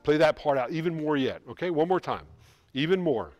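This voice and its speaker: A man coaching a high school band in rehearsal, giving quick instructions and singing rhythms to show how they go. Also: animated, muffled recording. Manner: brisk, sings rhythms to demonstrate. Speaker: band clinician. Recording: music in the background. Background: band playing.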